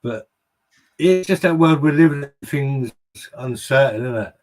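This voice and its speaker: A man talks casually as a podcast co-host in a mid-pitched voice. He is relaxed and conversational and often checks in with "do you know what I mean". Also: unhurried.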